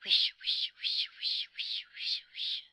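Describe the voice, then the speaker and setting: The trees of an enchanted wood murmur in a loud, breathy whisper, as a woman reading a storybook puts them on. The chant is drawn out and airy, with a bright, close, dry sound. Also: sits high, expressive, slow pace, dry recording, voice pushed up, heavily acted.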